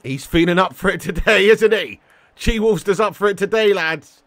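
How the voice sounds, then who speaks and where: A young man talks fast and excitably on his live stream while playing a football game. His voice sits fairly high for a man, and he jumps between cheeky banter, trash talk and loud thanks to viewers. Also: no echo. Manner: excitable and cheeky, swears, calls viewers legend and mate.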